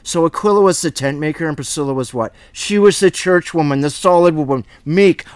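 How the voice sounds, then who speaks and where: A man's voice: on the high side, fairly quick, few pauses, smooth, no echo, clean studio sound. A man reading scripture aloud and commenting on it in a casual, riffing verse-by-verse bible study. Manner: reads scripture then riffs on it with asides.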